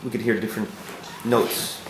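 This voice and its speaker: A man's voice: fairly low pitch, level tone, moderate pace. A man acting student giving classmate feedback, hesitant and searching for words. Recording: roomy echo, faint noise.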